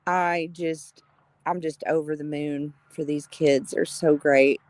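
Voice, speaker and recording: A middle-aged woman, chatting casually on a live stream, greeting viewers by name with gushing warmth and frequent laughter. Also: deep voice, fairly even intonation, slow, dry recording.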